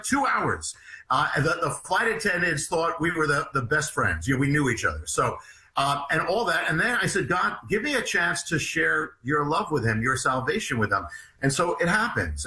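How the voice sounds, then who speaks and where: A man, an author and guest, telling a long story in an interview, halting and animated with many restarts. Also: fairly high pitch, echoey room, low-quality recording.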